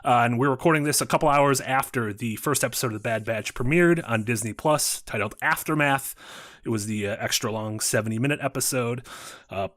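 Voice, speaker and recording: A man's voice: mid-range voice, brisk, fairly bright tone. A man hosting a casual panel discussion, upbeat and conversational as he steers the talk. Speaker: show host.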